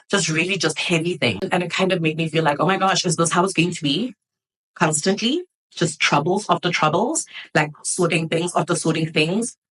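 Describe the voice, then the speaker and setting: A woman's voice: low voice, a bit bright, slightly rough, rough recording. A woman in her twenties hosts a podcast and talks openly about her life. Her delivery is candid and reflective, loose and conversational, and full of "you know" and "um.". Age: 20s. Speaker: podcast host.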